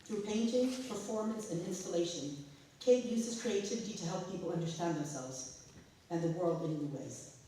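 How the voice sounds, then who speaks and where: Woman emcee, lower voice, measured introduction, distant and echoey. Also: dark tone, a little hiss or hum. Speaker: host introducing speakers. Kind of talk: formal speaker introduction. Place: school hall. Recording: echoey school hall from afar.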